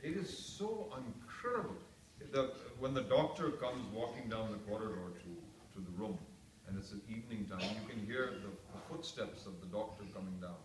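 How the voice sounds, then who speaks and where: An actor with a lowish voice tells anecdotes to a reunion crowd, chatty and self-mocking, with lots of asides and a fairly quick pace. It's casual storytelling, recorded from a distant mic in an echoey room with faint background noise.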